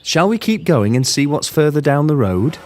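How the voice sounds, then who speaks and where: A woman telling a story to young children, gently and expressively, talking to her listeners. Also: sits low, big pitch swings, moderate pace, heavy background noise.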